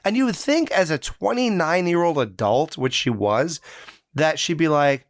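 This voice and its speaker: Animated man reviewing a movie. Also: on the high side, normal speed, no echo, studio quality. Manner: animated, acts out movie lines in quoted voices. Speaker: podcast co-host. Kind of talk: casual movie review chat.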